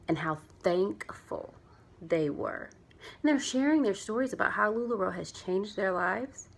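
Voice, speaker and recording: A woman's voice: mid-range voice, measured pace, creaky. A chatty, earnest young adult woman talking casually in a heartfelt vlog, rambling a little as she explains why she sells clothing. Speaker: vlogger and clothing seller.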